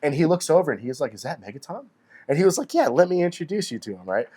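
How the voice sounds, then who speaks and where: Fast-talking man telling animated stories. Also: a little high, husky. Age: 40s. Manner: animated storyteller, heavy swearing, acts out quotes. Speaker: podcast co-host. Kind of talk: casual chat.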